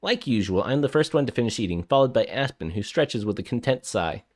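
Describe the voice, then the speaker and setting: A man streams a visual novel, reading the narration and chatting with his viewers while getting flustered and repeating himself. He talks briskly in a mid-range voice with lively intonation.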